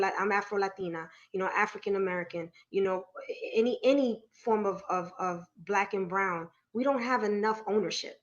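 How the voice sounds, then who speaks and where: Heartfelt woman author on a muffled call. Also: mid-range voice. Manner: heartfelt, repeats herself, many fillers. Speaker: author on a panel. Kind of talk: testimonial sharing, casual. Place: video call.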